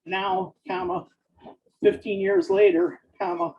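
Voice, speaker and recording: A man dictating fiction aloud, speaking each punctuation mark in a slow, deliberate way. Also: high-pitched, flat delivery, dull audio. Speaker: author dictating a novel.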